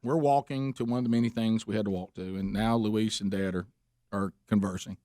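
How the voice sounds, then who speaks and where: A man hosting a radio talk show, telling lively anecdotes and acting out quotes. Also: fairly low pitch, fairly quick, no room sound, clean studio sound. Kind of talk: casual morning-show storytelling.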